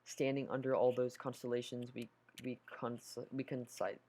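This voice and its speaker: A man's voice: mid-range voice, level tone, normal speed, warm tone. A man reading a horror story aloud, nervous, stumbling over words and correcting himself. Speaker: story narrator.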